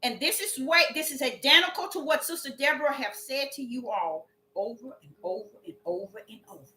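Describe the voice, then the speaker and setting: A woman's voice: high voice, a little fast, bright, forceful tone, a little hiss or hum. A woman preaching a sermon in an emphatic way, repeating her phrases and drawing out the scripture she reads. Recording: echoey room with faint music.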